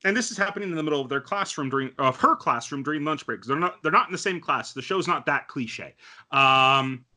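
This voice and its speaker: Bright-voiced man chatting about anime. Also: a little high, animated, a little fast. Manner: chatty, many fillers, acts out quotes. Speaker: podcast co-host. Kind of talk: casual anime review chat.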